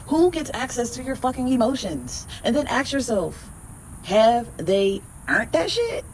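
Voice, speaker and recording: A woman hosting a spiritual podcast, reading tarot cards and giving a blunt, emphatic pep talk full of swearing, then repeating affirmations slowly. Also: fairly high pitch, darkish tone, slight background noise.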